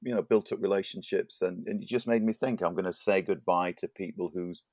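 A man's voice: sits low, fairly even intonation, a little fast, darkish tone, no echo, studio quality. A man co-hosting a podcast in casual chat, laughing often and tripping over his words. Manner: chatty, laughs often, stumbles and repeats words. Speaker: podcast co-host.

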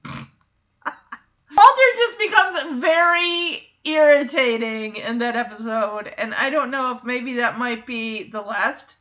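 A woman's voice: high voice, slow pace, pushed and bright, dull audio. A woman casually recapping a TV episode, animatedly acting out the characters' lines between laughs.

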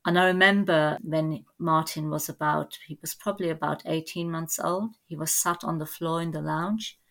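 A middle-aged woman telling family stories as a podcast guest, in a lively anecdotal way. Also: sits low, moderate pace, vocal fry. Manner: lively anecdotal storytelling with laughs. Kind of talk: storytelling in a podcast interview.

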